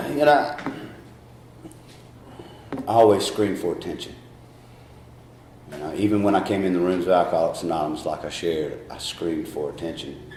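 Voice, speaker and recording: A man's voice: sits low, darkish tone, echoey room, a little hiss or hum. A middle-aged man with a Southern US accent gives a candid, rambling personal testimony at a recovery meeting, often laughing at himself.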